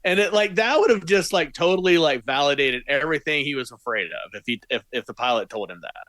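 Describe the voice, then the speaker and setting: A man's voice: on the high side, expressive, a little fast, no echo. Fact-checking male podcast co-host. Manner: questioning, corrects details, trails off quietly. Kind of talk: casual movie discussion.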